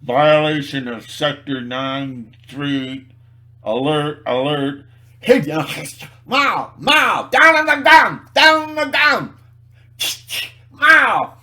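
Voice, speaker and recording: A man voicing a barking male enforcer who yells frantic commands. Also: on the high side, expressive, slow pace, pitched above the performer's own voice, full character voice. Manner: shouted, frantic orders.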